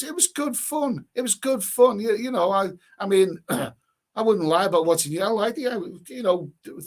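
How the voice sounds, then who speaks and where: A man hosting a livestream, reading out viewer comments in casual, rambling chat full of halting restarts and sarcastic asides. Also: on the high side.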